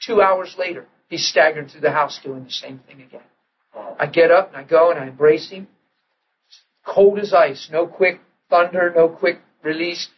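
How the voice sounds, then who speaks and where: A male preacher tells a personal story in the middle of a sermon, acting out the quotes and sinking to a soft hush when the story turns tender. His voice sits fairly high for a man. The recording is dull and lo-fi, with faint ambience behind him. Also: normal speed, a little hiss or hum. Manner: animated storyteller who acts out quotes and drops to a hush in tender moments.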